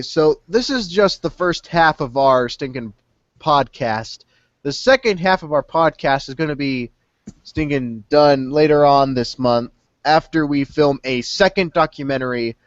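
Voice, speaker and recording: A man's voice: medium pitch, moderate pace, dry recording, dull audio. A young man hosting a casual podcast over a call, rambling and peppering his talk with a pet filler word. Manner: rambling, fills speech with "stinking". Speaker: podcast host. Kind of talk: casual chat.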